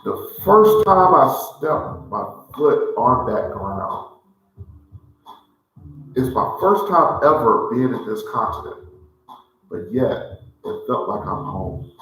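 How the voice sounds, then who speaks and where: Male cigar show host, mid-pitched, rambling and repetitive, in a large echoey room. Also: fairly bright tone, a little hiss or hum. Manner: rambling, repeats "let me say it like this here". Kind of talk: casual heartfelt talk. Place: large indoor room in a historic building.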